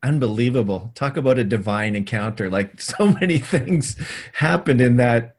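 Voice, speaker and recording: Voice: medium pitch, expressive, normal speed. An interviewer responding with short, affirming remarks about the guest's story. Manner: warmly affirming, brief reactions. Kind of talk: conversational interview.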